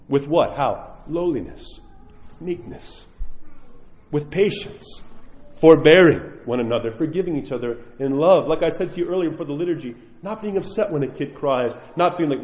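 A priest delivers a sermon to his congregation, pleading earnestly and swinging between loud emphasis and soft asides. His fairly high voice rings with long reverb around a church, and the recording sounds somewhat dull. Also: lively intonation, normal speed.

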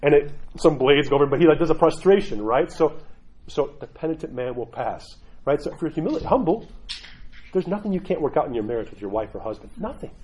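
A middle-aged Orthodox Christian clergyman gives a casual spiritual talk, keeping it conversational and repeatedly asking "right?" while acting out quoted voices. His fairly high voice is animated and quick, with a darkish tone, and the highs are cut off.

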